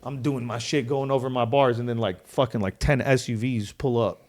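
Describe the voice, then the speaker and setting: A man in his thirties, a podcast guest telling stories in casual, profane, animated chat. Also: medium pitch, normal speed.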